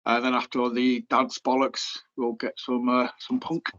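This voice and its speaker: A man co-hosting a casual podcast chat, rambling along with lots of "um" and "uh". His pitch sits in a medium range. The recording sounds slightly dull and lo-fi. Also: monotone, normal speed, a bit bright. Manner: rambling, filler-heavy, chatty. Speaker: podcast co-host.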